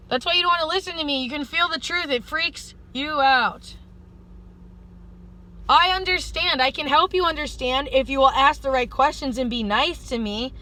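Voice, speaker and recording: A woman speaks to her viewers in a loose, stream-of-consciousness vlog monologue. Her voice sits high and sounds bright. She talks earnestly and often slips into pleading. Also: moderate pace, rough recording. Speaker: vlogger. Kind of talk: rambling spiritual vlog monologue.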